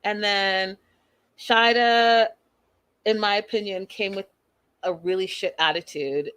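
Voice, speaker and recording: Young woman host, casual reality-show recap, outspoken and animated, medium pitch. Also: no echo. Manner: animated, opinionated, acts out quotes. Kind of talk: casual opinionated recap talk.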